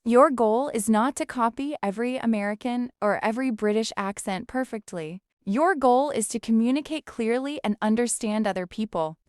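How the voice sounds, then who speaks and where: A woman co-hosting an English-learning podcast, reading a scripted lesson in a calm, instructive way. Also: a little high, smooth, dry recording, clean studio sound. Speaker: podcast co-host teaching English. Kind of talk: scripted educational narration.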